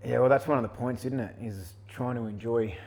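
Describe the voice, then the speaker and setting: Australian man, podcast co-host, relaxed casual chat, middle pitch. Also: brisk, poor audio.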